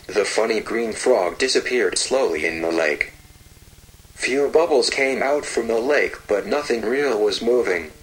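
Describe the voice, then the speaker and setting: A man narrating a fairy tale slowly and gently, with repetitive storytelling phrasing. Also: fairly low pitch, animated, low-quality recording.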